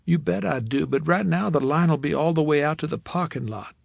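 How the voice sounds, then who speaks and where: A man voicing a cheerful, lively young woman who talks in a bubbly, teasing way. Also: fairly high pitch, a little fast, vocal fry, no room sound, studio quality.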